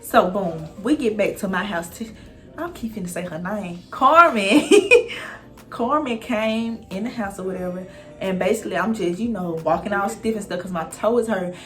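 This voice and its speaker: Young woman, vlogger, casual storytime, animated, swears a lot, talks straight to viewers, mid pitch. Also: a little fast, soft background music. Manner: animated, profane, addresses viewers directly.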